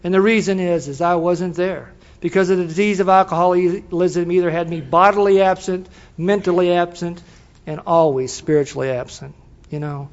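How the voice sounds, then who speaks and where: This older man's voice is high and steady, moving at a normal pace as he shares his testimony with a recovery meeting. He tells it folksily, like a yarn, with an occasional laugh, and the lo-fi recording sounds dull.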